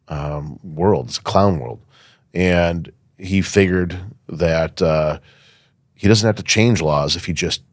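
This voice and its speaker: In a dry recording, a low-voiced man who owns a firearms safety academy talks as a podcast interview guest. His manner is emphatic and insistent, peppered with fillers.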